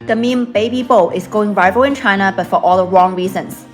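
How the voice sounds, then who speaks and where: A woman reads a scripted explainer in a steady, informative tone at a middle pitch. Clear music plays underneath her voice throughout. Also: brisk.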